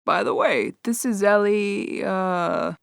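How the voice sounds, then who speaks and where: A woman voicing a gentle, somewhat hesitant man breaking bad news in an audiobook. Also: mid-range voice, slow, creaky, no echo, clean studio sound.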